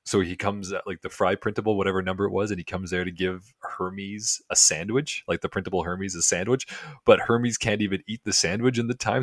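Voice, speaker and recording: A man's voice: fairly low pitch, no room sound, clean studio sound. A man co-hosting a podcast, giving a rambling, casual episode review full of fillers and restarts. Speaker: podcast co-host.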